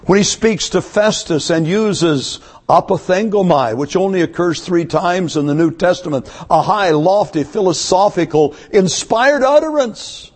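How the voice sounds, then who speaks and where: A man's voice: high voice, a little mellow. A man preaching a sermon to his church, emphatic and asking one rhetorical question after another. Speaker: pastor. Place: church service.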